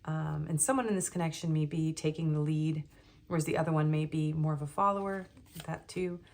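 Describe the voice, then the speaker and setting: A woman's voice: deep voice, fairly even intonation, fairly quick. Nervous woman rambling through a tarot reading. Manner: rambling, hesitant, with many ums and soft laughs. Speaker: tarot reader. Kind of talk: casual tarot reading monologue.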